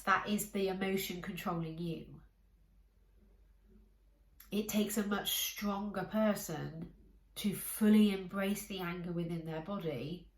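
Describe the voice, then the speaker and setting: A woman coaching her listeners in a calm, encouraging way, speaking directly to them. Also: medium pitch. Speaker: life coach. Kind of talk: coaching talk to camera. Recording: echoey room.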